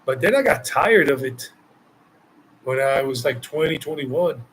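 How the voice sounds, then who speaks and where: A man's voice: medium pitch, animated, a little slow, slightly rough, poor audio. A man from the United States, a travel vlogger answering viewer questions live, talking emphatically and repeating phrases for stress. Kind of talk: live Q&A chat.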